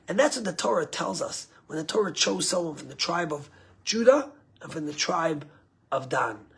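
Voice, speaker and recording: A man's voice: high-pitched, slight background noise. A male rabbi giving a storytelling sermon. He rises for emphasis and trails off to near-whispers at the ends of phrases.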